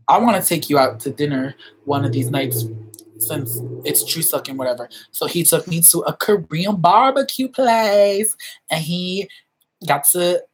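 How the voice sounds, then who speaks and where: A young woman vlogger telling stories in a casual, animated way, acting out quoted voices with big jumps in pitch and laughing often. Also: slightly rough. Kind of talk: casual storytelling chat.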